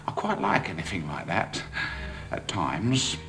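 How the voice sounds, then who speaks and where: A man's voice: low-pitched, measured pace, gravelly, exaggerated voice. An actor playing a boastful, cheeky working-class London man, chatty and sly. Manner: chatty, lively, sly storytelling.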